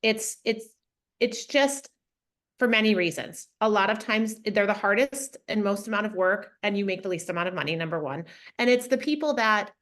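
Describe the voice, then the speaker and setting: A woman's voice: mid-range voice, moderate pace, fairly bright tone. Blunt woman talking frankly. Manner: blunt, frank, many fillers. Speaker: interview guest, funding consultant. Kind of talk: casual interview talk.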